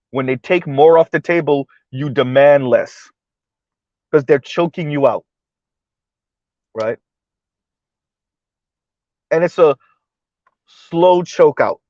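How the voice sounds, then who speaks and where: A man's voice: fairly high pitch, a little mellow, no echo, lo-fi sound. A man hosting a livestream of political commentary, talking emphatically and checking in with the audience by asking "right?" again and again. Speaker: livestream host.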